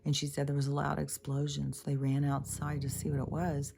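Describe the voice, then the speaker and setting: A woman's voice: deep voice, completely flat delivery, brisk, vocal fry, dark tone. A woman talking in a casual, rambling monologue, swearing often and mimicking other people as she tells stories. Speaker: spiritual podcaster.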